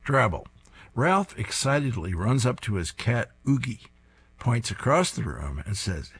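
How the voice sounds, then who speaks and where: A man's voice: medium pitch, very animated, unhurried, a bit bright, husky. A man hosting a program where he reads comic strips aloud, chuckling at the jokes. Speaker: host reading comic strips. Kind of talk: reading service narration.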